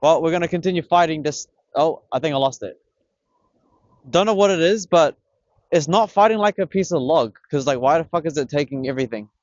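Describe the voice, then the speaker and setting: A young man, excitedly filming himself fishing on a beach, swearing and talking in slang. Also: on the high side, brisk, dry recording, highs cut off. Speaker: vlogger. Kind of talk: casual fishing vlog commentary. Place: outdoors on a beach by the water. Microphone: camera on a tripod.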